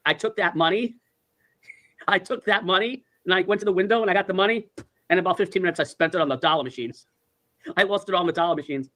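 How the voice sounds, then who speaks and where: Fast-talking profane man in his sixties. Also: sits high, fairly bright tone. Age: 60s. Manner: rambling, profane, full of "like" and "I go". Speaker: storyteller. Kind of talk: casual storytelling.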